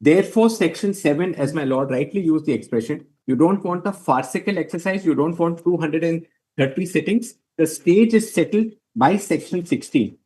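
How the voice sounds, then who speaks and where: A man's voice: a little high, animated, moderate pace, few pauses, dark tone. A man arguing a case before a court, formal and deferential, setting out numbered points and addressing the bench as my lord.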